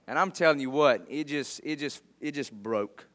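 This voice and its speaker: A pastor preaching a sermon to his church, telling folksy stories and swelling loud on key words. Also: mid-range voice, normal speed, few pauses, long reverb tail. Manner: folksy storytelling. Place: church sanctuary.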